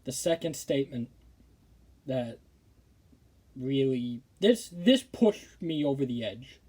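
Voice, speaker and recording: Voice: medium pitch, animated, slow pace, darkish tone, slightly rough. A football commentary streamer ranting with indignation in casual talk, often stammering and restarting sentences. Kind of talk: casual opinion rant.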